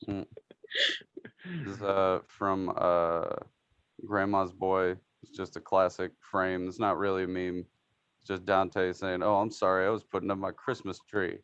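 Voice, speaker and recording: A man's voice: low voice, little pitch movement, measured pace, a bit bright, clean tone, no room sound, dull audio. A man co-hosting a podcast in a casual chat, describing memes, swearing freely and laughing as he talks. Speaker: podcast co-host.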